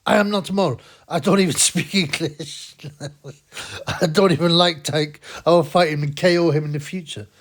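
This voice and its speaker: A man voicing a cocky young male boxer who speaks halting, broken English. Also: a little high, fairly even intonation, pitched above the performer's own voice, close to an everyday voice. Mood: mocking.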